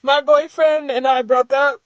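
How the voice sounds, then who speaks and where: High crying vlogger woman laughing through it, dry close sound. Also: fairly even intonation, unhurried, no echo, lo-fi sound. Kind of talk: vlog.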